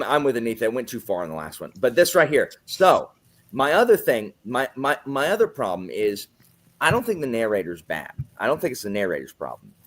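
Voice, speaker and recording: A man in casual book-club chat, ranting with sarcasm and putting on mock quotes. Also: mid-range voice. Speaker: book club podcast host.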